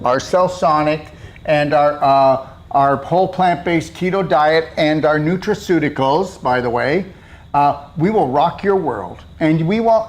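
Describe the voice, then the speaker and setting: A man hosting a casual health talk, his voice sitting a little high for a man. He is blunt and preachy, driving each point home with emphatic repetition and rhetorical questions. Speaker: host.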